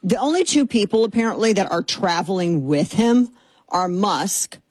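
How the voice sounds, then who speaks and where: A woman hosts a radio talk show in a studio, her voice husky and a little breathy. She rambles with fillers, sarcastic and exasperated as she riffs. The sound is dry and close, with no room around it. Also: mid-range voice, animated, normal speed, darkish tone, no room sound. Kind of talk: casual opinionated radio talk. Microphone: studio microphone.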